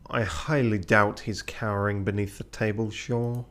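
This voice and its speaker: A man's voice: lowish voice, steady tone, moderate pace, a bit bright. A man streaming a game, reading it aloud with sweary, self-mocking jokes on the side. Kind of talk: let's play commentary and narration.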